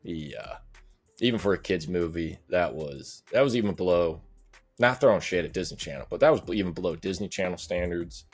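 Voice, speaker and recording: Deep husky laid-back man. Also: lively intonation, a little fast, soft background music. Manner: laid-back, short agreeing remarks. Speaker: co-host of a movie review show. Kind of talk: casual review chat.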